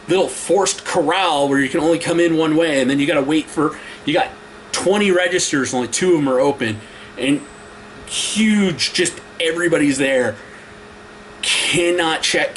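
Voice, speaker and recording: A man ranting to camera in a casual vlog, telling a story in an exasperated, animated way. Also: a little high, a little hiss or hum. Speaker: vlogger.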